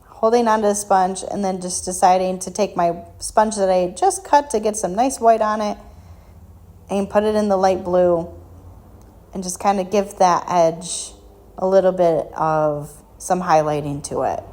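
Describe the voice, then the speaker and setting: A woman's voice: fairly low pitch, steady tone, a little slow, a little mellow. A woman hosting a painting and crafting tutorial, talking casually and self-deprecatingly with frequent ums. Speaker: craft shop tutorial host.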